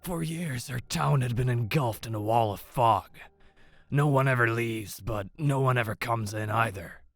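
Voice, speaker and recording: A man voicing a frail old man with a scratchy voice who speaks slowly and vaguely in a horror story. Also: medium pitch, fairly bright tone, no echo, pitched above the performer's own voice. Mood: grave.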